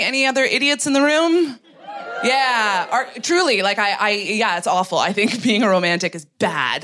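A Canadian woman doing a stand-up set on a theatre stage, self-deprecating and halting, with lots of "like"s. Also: medium pitch, pushed and bright. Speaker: stand-up comedian. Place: theatre stage, recorded live.

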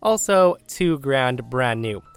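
A man's voice: mid-range voice, animated, takes it slowly, smooth. A man narrating a story aloud in a casual, wry way, speaking straight to his listeners.

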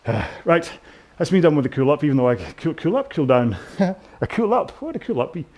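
A man's voice: fairly high pitch, very animated, brisk, darkish tone. A British man coaching a rowing workout indoors, chatting in a rambling, self-mocking way with jokey asides. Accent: British English.

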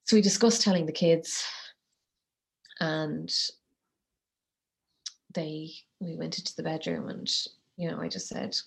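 Soft creaky-voiced woman. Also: low voice, fairly even intonation. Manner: halting, soft-spoken, many fillers. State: tearful. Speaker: guest. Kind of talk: emotional personal account.

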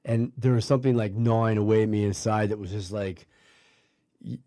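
A man's voice: on the low side, fairly even intonation, fast, warm tone, no echo, clean studio sound. Rambling man telling a story. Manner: rambling, many restarts and fillers, acts out quoted voices. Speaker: guest telling a life story. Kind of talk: casual storytelling.

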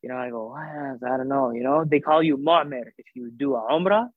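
A man's voice: medium pitch, brisk, no echo. Storytelling man on a tinny line. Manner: animated, acts out quoted voices, filler-heavy. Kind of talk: casual storytelling. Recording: tinny phone-like sound.

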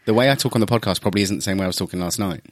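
Hoarse jokey man with a London accent. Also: low voice, rapid-fire, dry recording, clean studio sound. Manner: jokey, self-mocking, rambling. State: hoarse from shouting the night before. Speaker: podcast co-host. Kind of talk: casual podcast chat.

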